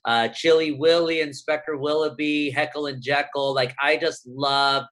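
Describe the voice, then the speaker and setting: Animated man from Southern California. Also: fairly high pitch, normal speed, soft background music. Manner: animated, many fillers, quotes his younger self. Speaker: guest columnist. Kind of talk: casual interview talk.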